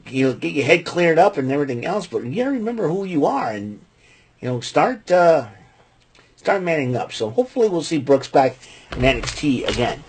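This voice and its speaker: Male host, husky voice, loose rambling recap with lots of "uh" and "you know". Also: on the high side. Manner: rambling, many fillers and restarts. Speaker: podcast host recapping wrestling. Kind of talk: casual spoken recap.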